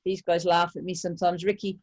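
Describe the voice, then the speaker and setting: A woman speaks as a guest in a relaxed chat. She starts and stops often and looks for her words as she talks. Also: on the low side, a little fast. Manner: hesitant, many fillers and restarts. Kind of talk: casual video chat.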